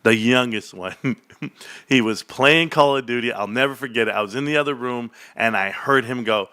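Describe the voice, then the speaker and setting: A man's voice: mid-range voice, moderate pace, bright, forceful tone, smooth, no room sound, studio quality. A man in his forties hosting a livestream, rambling and joking in casual, profane chat. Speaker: livestream host.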